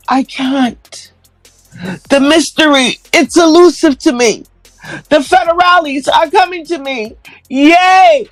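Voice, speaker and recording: Streamer doing a hammy defiant lady, old-timey stage talk, pitched up and swooping. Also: dry recording. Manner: mock-Shakespearean, theatrical, archaic phrasing. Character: melodramatic defiant woman refusing to unmask.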